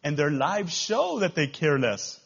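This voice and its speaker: A man with a Texan accent preaching a sermon as pastor, swinging between loud rises and quiet drops. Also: on the high side, big pitch swings, measured pace, gravelly, husky, highs cut off. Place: church.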